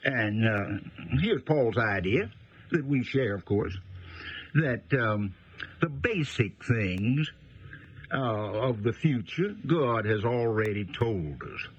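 A man teaching the Bible on the radio in a folksy, unhurried way, explaining with frequent pauses. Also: medium pitch, expressive, husky. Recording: dull lo-fi radio broadcast.

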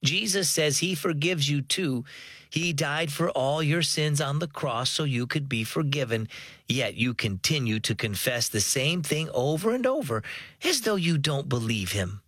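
A man reading a mother's lines in a children's story, husky and soft, pleading a little. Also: low voice, animated, unhurried, no room sound, studio quality, full character voice. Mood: gentle. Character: caring mother, gentle and apologetic.

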